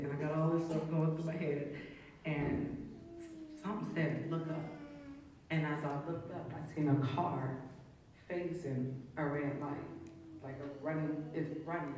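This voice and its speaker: A woman's voice: low voice, dark tone. A woman giving a personal testimony in a church, retelling her story in a conversational, vivid way. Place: church sanctuary. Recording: echoey room, distant mic, audience.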